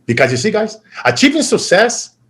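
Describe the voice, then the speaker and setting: A man delivers a motivational keynote in a fairly high voice that rises and falls a great deal. He talks with energy, then turns quiet and emotional. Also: very animated, normal speed. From Brazil. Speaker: keynote speaker.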